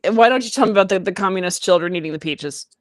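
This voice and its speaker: Female co-host, blunt and combative, middle pitch, casual chat. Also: racing, no echo, clean studio sound. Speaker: podcast co-host. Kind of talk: casual podcast banter.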